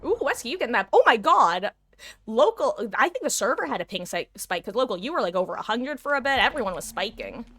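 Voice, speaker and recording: A woman's voice: a little high, very animated, fast, a bit bright. A woman live-streaming a video game, chatting casually and explaining tactics to her viewers. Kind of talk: casual gameplay commentary.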